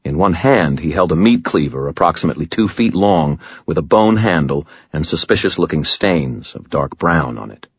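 A man's voice: rumbling low, expressive, moderate pace, few pauses, husky, no echo, dull audio. A man narrating an audiobook in the first person, with dry, wry storytelling.

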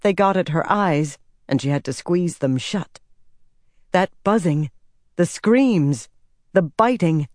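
A woman with a fairly low pitch gives a measured, expressive audiobook reading of scripted narration. The recording has no echo and studio quality.

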